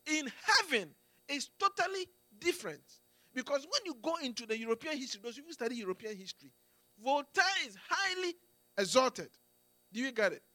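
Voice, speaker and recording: A man preaching with emphasis, his voice high and swinging widely up and down. He keeps restarting his phrases and turns to the listeners with "Amen" and questions. The sound is close and dry. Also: very animated, a little fast, sharp tone, no room sound. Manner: emphatic, with frequent restarts and "Amen"s and "Do you get it?". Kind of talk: sermon.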